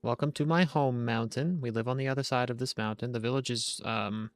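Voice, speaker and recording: A man's voice: mid-range voice, steady tone, a little fast, hardly any pauses, dry recording. A young man rambling through casual, jokey gameplay commentary on a live stream, chatting to his viewers from home on a desk mic.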